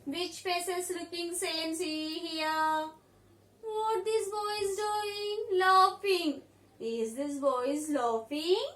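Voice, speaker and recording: A woman with an Indian English accent teaches small children, stretching each word out very slowly. Her voice sits high and bright, and she keeps asking simple questions in a sing-song lilt. The sound bounces around an echoey room. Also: fairly even intonation. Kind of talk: online lesson for young children.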